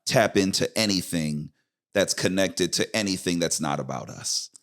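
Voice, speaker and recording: Low-voiced pastor man, emphatic and rhythmic. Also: moderate pace, a bit bright. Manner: emphatic preacher-like cadence with repeated phrases. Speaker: pastor and guest. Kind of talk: conversational podcast interview.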